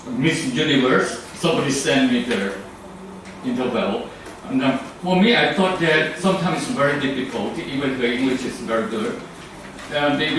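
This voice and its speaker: A man from Thailand with a Thai accent, giving a rambling club speech full of fillers and restarts. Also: medium pitch. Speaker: club speaker. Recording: very echoey room from far off, faint noise.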